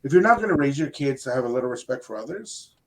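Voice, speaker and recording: Older man, radio co-host; rambling, animated storyteller, casual chat. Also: medium pitch, quick pace. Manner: animated, rambling anecdote with quoted asides.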